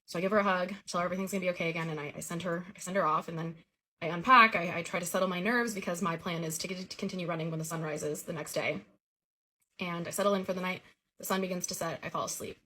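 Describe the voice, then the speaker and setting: A woman's voice: fairly low pitch, steady tone, fast, bright, forceful tone. A woman telling the story of a recurring childhood dream in a casual, earnest way.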